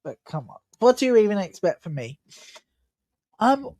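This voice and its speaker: A woman's voice: medium pitch, very animated, normal speed, dark tone, dry recording. A tired woman hosting a live football watch-along, chatting and commenting on play in a rambling, chatty way. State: tired, yawning. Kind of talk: live match commentary and chat.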